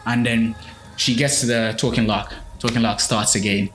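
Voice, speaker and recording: On a podcast, a man casually retells a folk tale in loose phrasing full of fillers and restarts. His voice is medium-pitched and fairly bright, with a level tone and normal speed. The room is echoey, with faint music and slight background noise.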